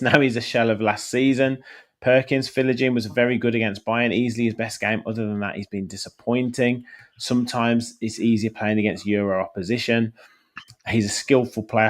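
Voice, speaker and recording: Host, male, mid-pitched, relaxed fan-forum chat, reads comments aloud. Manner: reads out viewer comments, then hands over to panelists. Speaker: podcast host. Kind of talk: casual football chat.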